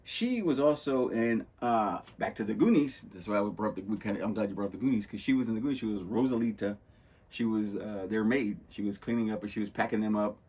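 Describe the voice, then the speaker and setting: A man's voice: lowish voice, quick pace, a little mellow, breathy edge. A man hosting a podcast, chatting casually and rambling through movie stories, acting out lines in a loose, laid-back way. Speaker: podcast host. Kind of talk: casual chat about movies.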